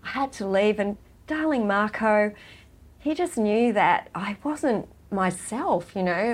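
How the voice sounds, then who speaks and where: A middle-aged woman speaks as an interview guest, her voice sitting at an ordinary middle pitch. She talks in a heartfelt, halting way, often restarting her sentences. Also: animated, slightly rough. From Australia. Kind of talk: emotional personal interview.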